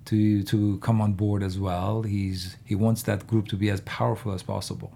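Gravelly low-voiced man, halting chat. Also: flat delivery, warm tone, a little hiss or hum. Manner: halting, many fillers and restarts. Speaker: actor guest on a fan podcast. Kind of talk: casual interview chat.

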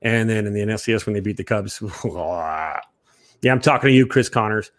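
A young man co-hosting a casual sports chat, rambling and jokey, quick to laugh. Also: lowish voice, expressive, dry recording. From Chicago area. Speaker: sports podcast co-host.

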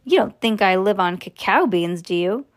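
Brief: woman reading as a cool, soft-spoken eccentric male factory owner, storybook. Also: medium pitch, animated, moderate pace, natural voice. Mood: calm.

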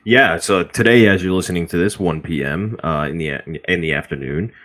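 A man's voice: low-pitched, a little fast, fairly bright tone. A man hosting a sports podcast, asking rambling questions full of fillers in casual chat. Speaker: podcast host.

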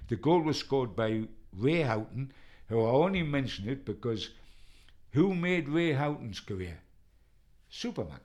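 An older man, telling rambling, animated football stories and mimicking the people he quotes. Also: medium pitch. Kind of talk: anecdotal storytelling.

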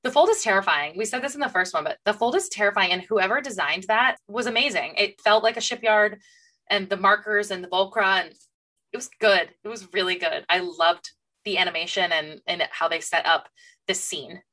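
A woman's voice: medium pitch, a little fast, pushed and bright. A woman co-hosting a podcast, gushing and emotional as she recaps a show in casual chat. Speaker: podcast co-host.

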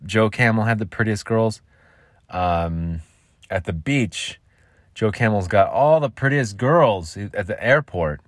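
Brief: male podcast host, lowish voice, dry close sound, loose jokey rambling delivery. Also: takes it slowly, no room sound. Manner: goofy, rambling, jokey asides. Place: makeshift home vocal booth.

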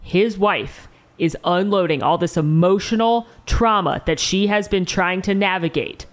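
Animated woman recapping a movie. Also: on the low side, unhurried. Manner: animated, swears freely, acts out quotes. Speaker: podcast co-host. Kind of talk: casual movie recap chat.

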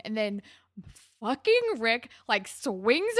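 A woman's voice: a little high, a little slow, dry recording, clean studio sound. A young woman in casual chat, animatedly retelling a show's scenes and acting out the characters' lines. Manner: animated retelling with acted-out quotes, lots of "like". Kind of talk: casual chat recapping a show.

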